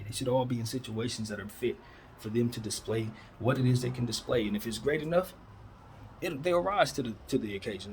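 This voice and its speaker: On his own basketball talk show, a thirtysomething man gives loose, opinionated commentary, firing off rhetorical questions and repeatedly saying "man" and "that's how I'm looking at it." His voice is mid-range, with slight noise in the background.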